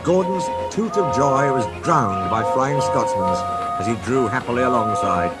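A man narrating a storybook tale in a measured, expressive way. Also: medium pitch. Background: music.

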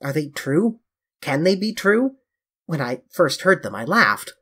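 A reader voicing a grave, earnest male painter who pleads and reproaches his young friend, with a husky tone. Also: on the high side, sing-song, a little slow, bright, forceful tone, exaggerated voice. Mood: pleading.

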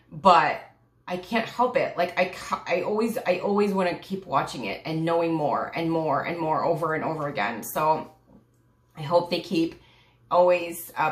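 A woman's voice: low-pitched, fairly bright tone. A woman vlogger reviewing a TV series in casual chat, rambling and gushing with sighs, many fillers and restarts, close to tears. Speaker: YouTube reviewer. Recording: echoey room.

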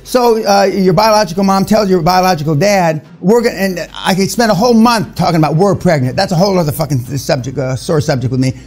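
A man's voice: high-pitched, quick pace, hardly any pauses, darkish tone. Blunt, profane older man lecturing. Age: 70s. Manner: blunt, crude and confrontational, with many fillers. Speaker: seminar speaker. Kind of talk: profane motivational seminar talk. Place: seminar room with an audience.

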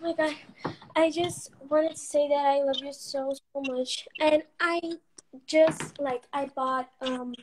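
A woman's voice: high voice, steady tone, a little slow, a little mellow, a little hiss or hum. A woman calling in as a fan, gushing and rambling with fillers. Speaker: fan caller. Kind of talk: excited call with a host.

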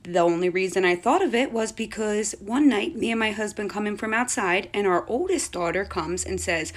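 A woman shares an eerie family story in a relaxed, chatty way. She gets animated and acts out each person she quotes. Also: mid-range voice, moderate pace, hardly any pauses. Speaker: parent telling a story. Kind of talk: casual storytelling to camera.

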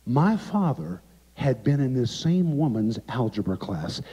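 A man's voice: medium pitch, big pitch swings, unhurried, breathy edge. Dramatic male preacher telling a story. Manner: dramatic, emphatic, with sharp drops to quiet. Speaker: guest preacher. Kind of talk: sermon storytelling. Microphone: remote video recording. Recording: echoey, dull lo-fi sound.

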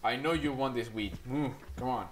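A man chatting loosely through his gameplay, drifting from topic to topic and coaxing in-game animals with a playful, teasing manner. His voice sits at a middle pitch. Clicks and game sounds come through clearly behind him. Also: moderate pace, a little hiss or hum. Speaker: gaming channel host. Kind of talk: casual gameplay commentary.

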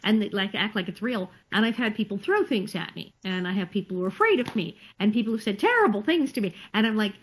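A woman actress chatting in an interview over a video call, telling animated stories with laughter. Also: medium pitch, fast talker, few pauses, a little hiss or hum, poor audio. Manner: animated, laughing, acts out quotes. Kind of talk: casual storytelling interview.

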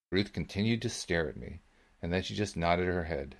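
A man reading a book aloud as a podcast host, narrating in the first person in a measured, steady way. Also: deep voice, gravelly. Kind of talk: audiobook-style reading.

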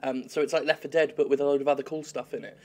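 A man giving sweary, joking let's-play commentary while he plays a game, with excitable outbursts. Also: mid-range voice, very fast. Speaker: games critic playing a game.

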